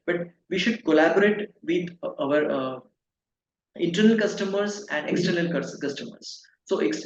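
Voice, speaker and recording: A man in his fifties, a pharma consultancy director answering interview questions in a halting way, with many fillers and restarts. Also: on the high side. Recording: echoey, dull, faint noise.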